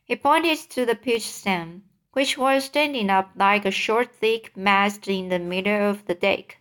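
A woman reading a children's book aloud as narrator, clear and unhurried. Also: medium pitch, fairly bright tone.

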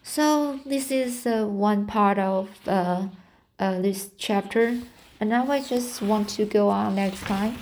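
A woman's voice: mid-range voice, slow pace, darkish tone, a little hiss or hum. A woman reading a classic novel aloud, hesitant, stumbling over words and restarting. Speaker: reader.

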